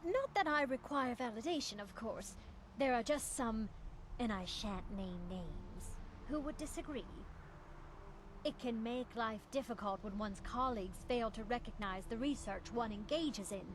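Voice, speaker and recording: A woman's voice: a little high, lively intonation, unhurried, background noise. An actress voicing a haughty female mage teacher who talks in a prim, defensive and formal way in a video game. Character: haughty female mage teacher, touchy about her school.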